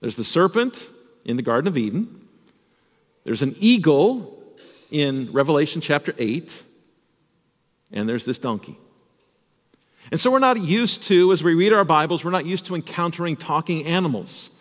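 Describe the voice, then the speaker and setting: A man's voice: a little high, moderate pace, pauses often, big-room sound. A man, a pastor, telling a Bible story as a children's sermon and asking the children questions. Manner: animated, addresses children with questions.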